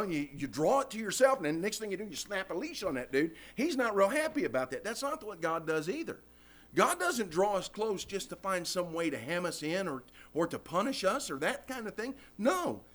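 Animated high-voiced preacher man. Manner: animated, folksy preaching with scripture quotations. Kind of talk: sermon.

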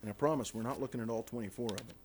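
A man's voice: medium pitch, rapid-fire, darkish tone, a little hiss or hum. A man preaching a sermon in church, impassioned, acting out prayers and calling the congregation "guys.".

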